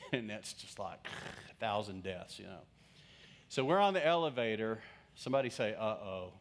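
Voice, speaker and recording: A pastor with a lowish male voice delivers a sermon as a lively personal anecdote. He slips into the voices of the people in his story, playing the scenes for laughs. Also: normal speed. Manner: humorous, acts out quoted voices.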